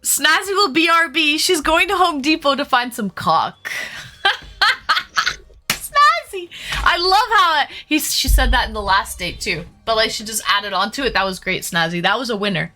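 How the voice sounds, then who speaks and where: A woman's voice: high voice, very animated, normal speed, pushed and bright. A young woman hosting a casual live stream, chatting with a guest, laughing often and reading out chat messages. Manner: giggly, filler-heavy, reads chat aloud. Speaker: streamer host. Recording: music playing faintly behind.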